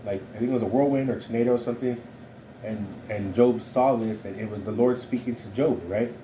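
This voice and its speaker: A Bible teacher with a fairly low, dark voice talks a little quickly and with fairly even intonation, against a slight hiss or hum. He runs his informal study like a conversation, repeatedly asking "right?"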